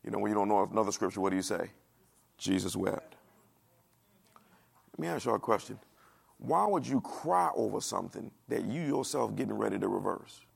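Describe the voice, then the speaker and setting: A man preaching a sermon in a dialect, animated, asking the congregation questions and acting out the voices of the people he quotes. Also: lowish voice, a little fast, vocal fry, pauses often, breathy edge. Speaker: pastor.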